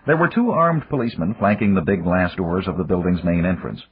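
Husky, low-voiced male narrator. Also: a little fast, no room sound. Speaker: audiobook narrator. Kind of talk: scripted narration. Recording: dull dry lo-fi recording.

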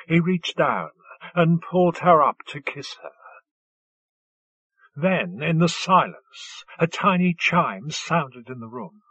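Male narrator, slow and husky, dry dull lo-fi sound. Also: fairly high pitch, lively intonation, pushed and bright, no room sound. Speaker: audiobook narrator. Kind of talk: scripted narration. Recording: dull lo-fi recording.

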